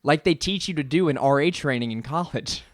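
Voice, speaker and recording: Young guy on a podcast spinning a story, bit high voice, laughs a lot, dry close mic. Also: a little fast, no room sound. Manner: animated storyteller, laughs often, acts out quotes. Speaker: podcast co-host. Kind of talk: casual chat, telling a story.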